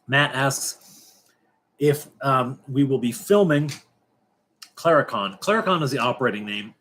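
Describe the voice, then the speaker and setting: A middle-aged man hosting a casual late-night livestream, rambling and halting with many fillers and restarts, dropping wry, joking asides. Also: medium pitch, lively intonation, a bit bright. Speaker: livestream host.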